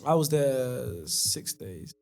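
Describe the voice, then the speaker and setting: A man's voice: mid-range voice, sing-song, slow pace, creaky, faint music behind. A man, a guest on a casual podcast, talking in a laid-back, trailing way with lots of fillers. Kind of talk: casual chat.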